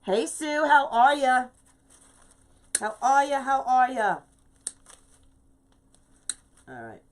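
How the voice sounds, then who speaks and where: A woman's voice: high-pitched, sing-song, slow. A middle-aged woman hosting a live craft video, chatting casually while she works and greeting viewers by name. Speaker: craft livestream host.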